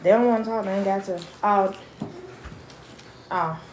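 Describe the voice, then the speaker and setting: A woman's voice: medium pitch, steady tone, a little slow, a little mellow, slight background noise. A middle-aged grandmother hosting a casual parenting live stream from home. She talks bluntly and chattily and keeps breaking off to talk to her grandson.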